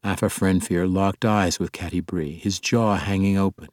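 A man narrating an audiobook in a steady, expressive reading. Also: sits low, normal speed, hardly any pauses, no echo, clean studio sound. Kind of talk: scripted narration.

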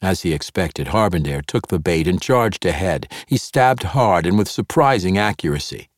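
A man narrating a fantasy novel in a steady, measured way on a close studio mic. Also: deep voice, no echo. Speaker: audiobook narrator.

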